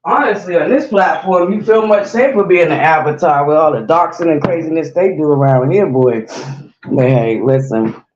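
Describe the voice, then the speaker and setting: On her own stream, a woman host chats casually and keeps addressing her viewers, a bit out of breath. Her low-pitched, slightly mellow voice moves at a normal speed. Dull lo-fi audio carries slight background noise.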